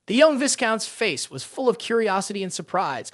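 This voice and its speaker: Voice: medium pitch, big pitch swings, a little fast, few pauses, no echo, studio quality. A narrator telling a fantasy story recap in scripted, dramatic storytelling.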